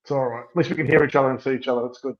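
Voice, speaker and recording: An Australian man co-hosting a podcast over a video call, talking quickly and casually, calling everyone "mate" and apologizing often. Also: mid-range voice, fairly even intonation. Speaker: podcast co-host. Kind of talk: casual live-stream chat. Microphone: remote video call. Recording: muffled video call audio.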